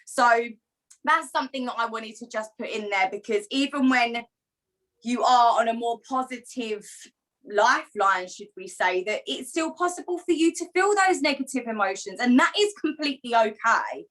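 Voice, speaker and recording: A woman's voice: on the high side, animated, normal speed, a bit bright, low-quality recording. A woman co-hosting an online women's community call, speaking in affirming, emotional reassurances to the group. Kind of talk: supportive group talk. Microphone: video call.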